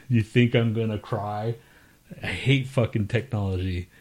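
A man's voice: lowish voice, fairly even intonation, normal speed, darkish tone. A man co-hosting a podcast in crude casual banter, swearing and laughing often as he teases. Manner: profane, teasing, laughs often. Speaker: podcast co-host.

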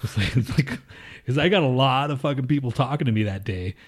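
A man's voice: mid-range voice, fairly quick. A man in his thirties co-hosting a podcast, telling a long story in a rambling, profane way and acting out his coworkers' lines. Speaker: podcast co-host. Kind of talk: casual chat.

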